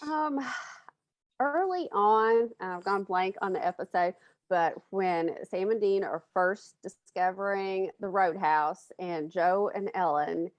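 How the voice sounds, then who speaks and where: A woman's voice: medium pitch, takes it slowly, dry recording. A woman guest on a fan panel, talking hesitantly and searching for her words. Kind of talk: casual panel discussion. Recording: dry lo-fi call audio.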